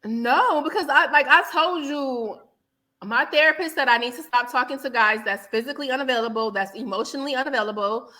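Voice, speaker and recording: A woman's voice: high-pitched, a little fast, bright, forceful tone. A woman co-hosting a podcast, chatting candidly and loosely with lots of slang. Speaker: podcast co-host. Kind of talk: casual chat.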